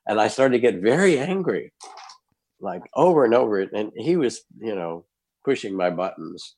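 An older man, a guest, telling a personal anecdote in an animated way and acting out the scenes. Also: fairly low pitch, normal speed. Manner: animated storyteller, acts out scenes. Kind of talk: anecdotal storytelling.

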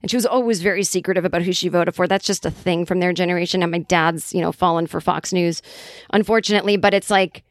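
A woman's voice: lowish voice, steady tone, fast, no room sound, studio quality. A woman comedian from the Boston area, telling a rambling, profane story in casual chat with lots of quoted voices. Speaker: comedian and writer.

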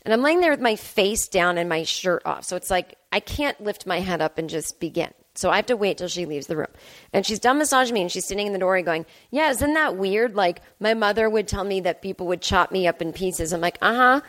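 A woman's voice: medium pitch, expressive, a little fast. A woman hosting her own podcast, telling a comic story in a self-deprecating way and acting out both sides of the conversation. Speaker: podcast host. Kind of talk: solo comedic storytelling. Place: home apartment.

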